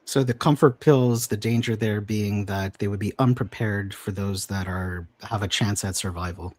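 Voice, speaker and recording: Low-voiced man with brief questions. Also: moderate pace, darkish tone.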